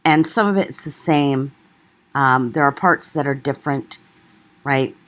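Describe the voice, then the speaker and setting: A woman teacher explaining a reading to her class, often checking in with "right?" and pausing on fillers. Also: very deep voice, fairly bright tone. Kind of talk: classroom lecture.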